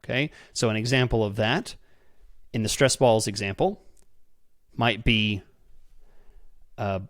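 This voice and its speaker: A man's voice: lowish voice, a little slow, fairly bright tone, no echo, studio quality. A man hosting a podcast, explaining a method step by step, often checking in with "okay?" and repeating words as he restarts sentences. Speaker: podcast host. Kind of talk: instructional podcast talk.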